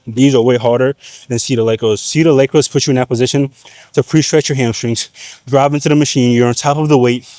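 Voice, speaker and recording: A young man explaining leg exercises in a gym, in relaxed slangy talk, at times out of breath. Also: medium pitch, dry recording. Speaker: fitness vlogger. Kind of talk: casual gym coaching vlog.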